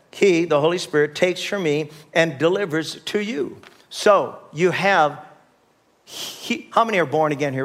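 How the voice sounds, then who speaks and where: Man preaching a casual, restart-filled sermon. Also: a little high. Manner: conversational preaching with many restarts, calls to the congregation. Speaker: pastor.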